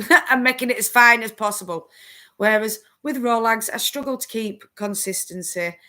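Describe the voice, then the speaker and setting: A woman's voice: fairly high pitch, normal speed, bright, forceful tone. A woman hosting a casual crafting live stream, chatting with viewers and laughing often.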